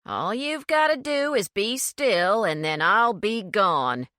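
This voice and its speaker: A woman voicing a gruff male criminal who speaks curtly and without emotion, in a slow, bright, dry reading. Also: mid-range voice, expressive, no echo. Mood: threatening. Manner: curt, menacing, emotionless.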